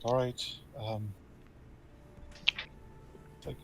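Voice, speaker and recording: A man playing a tabletop game, talking casually in halting bursts with many fillers. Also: mid-range voice, flat delivery, gravelly, a little hiss or hum, poor audio. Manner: halting, lots of fillers and restarts. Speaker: player.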